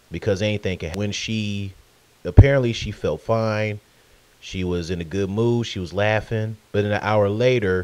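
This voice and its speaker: A man's voice: low-pitched, darkish tone, no echo. A man in his twenties talking in a casual, conversational vlog tribute, with fillers and asides. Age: 20s. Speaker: vlogger.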